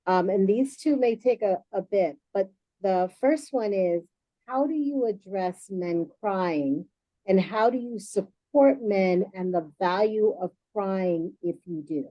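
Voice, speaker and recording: A woman moderating a panel discussion, brisk and apologetic about the running time. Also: medium pitch, expressive, no room sound, muffled recording.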